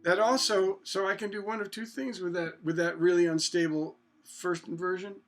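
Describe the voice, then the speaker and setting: Over a loud acoustic guitar, a high-voiced man teaches songwriting in a steady tone. He halts, restarts often and poses rhetorical questions, breaking into sung "na na" bits to show the chords he plays.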